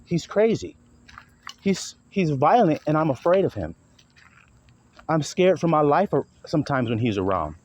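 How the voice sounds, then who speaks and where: A man voicing a scheming, taunting wife in a low, mocking tone while preaching. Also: sing-song, moderate pace, pauses often, a little mellow, a little hiss or hum. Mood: fearful.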